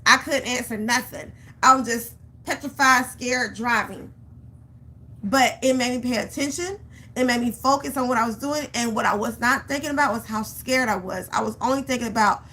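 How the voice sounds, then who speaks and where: Woman, casual vlog pep talk, animated storytelling, repeats phrases, bright. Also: fairly high pitch, moderate pace. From Georgia, US. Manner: animated storytelling, acts out her own panic. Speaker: vlogger.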